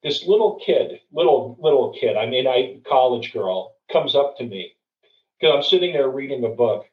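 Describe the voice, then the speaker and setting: A man's voice: mid-range voice, lively intonation, moderate pace. A middle-aged man tells a story and gives advice in an earnest, conversational way, often restarting and repeating words. He sits well back from the microphone, so his voice sounds distant, with a roomy echo. The recording is dull and lo-fi. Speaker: guest speaker.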